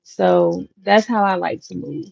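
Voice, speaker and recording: Woman, 30s, channel host; unhurried, slightly low voice, casual slang, dull lo-fi recording. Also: creaky. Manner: chatty, relaxed slang, frequent fillers. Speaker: content creator, channel host. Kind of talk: casual chat to viewers. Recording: dull lo-fi audio. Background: clacking noise.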